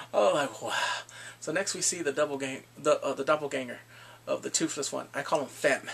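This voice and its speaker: A man giving a casual recap of drama episodes. He talks in an animated way, acts out the characters and laughs often. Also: mid-range voice, brisk, vocal fry, a little hiss or hum. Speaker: drama reviewer.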